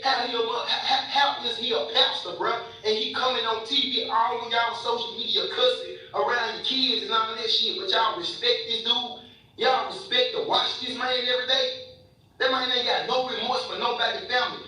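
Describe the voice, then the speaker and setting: A man's voice: sits high, bright, forceful tone, heavy reverb, recorded from a distance, poor audio. A young man angrily ranting in a live video, profane and repetitive, calling people bro and man. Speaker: social media commenter. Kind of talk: angry live video rant.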